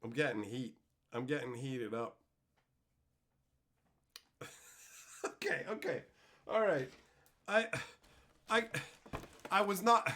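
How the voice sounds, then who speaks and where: A man live-streaming a card pack opening, reading chat and going off on loud, profane, mock-angry rants. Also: mid-range voice, big pitch swings, slow pace, pauses often.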